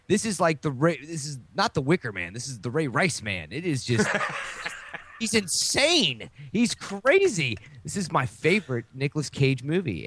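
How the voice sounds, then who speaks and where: A man's voice: medium pitch, no echo. A middle-aged man in casual podcast chat, ranting with profanity and laughter. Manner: animated, profane, laughing rants. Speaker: podcast co-host.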